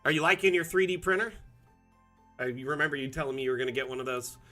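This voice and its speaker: A man's voice: a little high, steady tone, fast, bright, forceful tone, faint music behind. A middle-aged man chatting casually on a live stream, with many fillers and restarts. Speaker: community manager streaming a map build.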